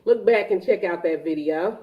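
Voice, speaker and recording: A woman's voice: lowish voice, moderate pace, dull audio. A middle-aged woman hosting a family mukbang, chatting and laughing as she asks her family questions while they eat. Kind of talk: casual chat while eating. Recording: roomy sound from a distant mic, faint noise.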